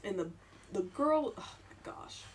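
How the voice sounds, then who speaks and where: A young woman live-streams while sewing, chatting, giggling and muttering to herself as she works. Her medium-pitched voice is expressive and a little slow, with slight background noise.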